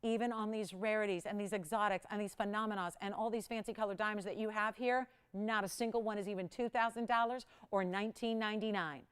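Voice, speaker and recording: A woman hosting a live jewelry shopping broadcast, pitching pieces in a rapid, upbeat sales patter. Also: fairly even intonation, clear, resonant tone. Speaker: shopping channel host.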